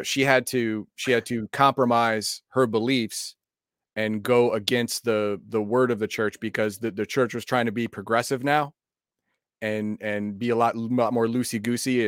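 A man's voice: mid-range voice, a bit bright, no echo, clean studio sound. A man co-hosting a live stream, explaining things casually with many restarts and fillers. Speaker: co-host.

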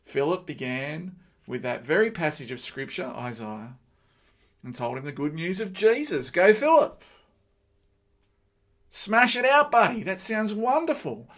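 A middle-aged man preaching a sermon, with lively joking asides to the congregation. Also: a little high.

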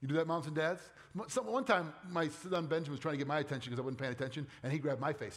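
A man's voice: on the high side, quick pace, hardly any pauses. A middle-aged man, a pastor preaching a sermon in a conversational way, often asking the congregation questions.

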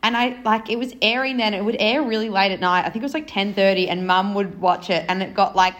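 A woman joins a podcast as a guest and chats casually. She rambles, filling her talk with "like", in a mid-pitched voice. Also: fairly even intonation, fast talker, a bit bright. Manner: rambling, lots of "like". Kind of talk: casual chat.

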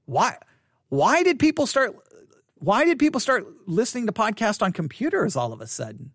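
Speaking solo into a studio mic up close, this podcaster reacts to listener statistics with disbelieving asides and keeps restarting sentences. The mid-range delivery is sing-song at a normal speed, with no echo.

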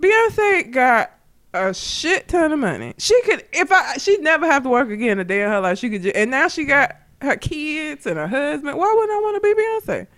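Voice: sits high, very animated, normal speed, a bit bright. A co-host in casual chat, talking bluntly with lots of swearing and frequent laughs. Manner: blunt, profane, laughs often.

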